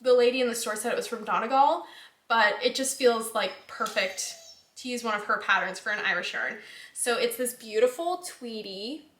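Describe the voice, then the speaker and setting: A young woman hosts her knitting vlog in a loose, chatty way, trailing off and circling back with plenty of likes and ums. Her voice sits a little high, and the room around her rings with a noticeable echo. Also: normal speed, fairly bright tone. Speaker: knitting podcast host. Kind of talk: casual chat. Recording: echoey room.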